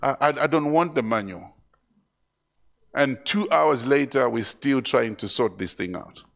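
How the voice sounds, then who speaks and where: A man's voice: mid-range voice, lively intonation, measured pace, vocal fry, fairly bright tone. A male pastor preaching a sermon in church, repeating phrases and calling out to the congregation. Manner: repetitive, preacherly call-and-response.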